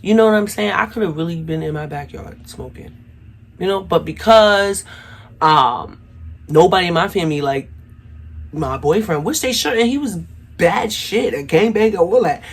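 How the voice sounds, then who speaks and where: A woman's voice: fairly low pitch, animated, moderate pace, breathy edge. A young adult woman telling a personal story to her viewers in a casual, chatty way, often calling them y'all. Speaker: vlogger.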